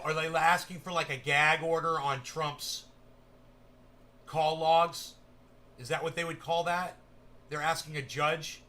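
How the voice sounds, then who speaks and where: Bright, excitable man streaming. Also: on the high side. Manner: profane, emphatic, animated. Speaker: livestream host. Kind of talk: casual livestream commentary.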